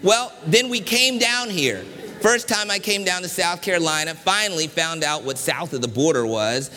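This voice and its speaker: Middle-aged male preacher from Washington, D.C., bright and slightly high voice, humorous storytelling sermon, reverberant sanctuary. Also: expressive, moderate pace, soft background music. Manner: storytelling with humor, varied pacing and emphasis. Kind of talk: sermon with personal stories. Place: church sanctuary.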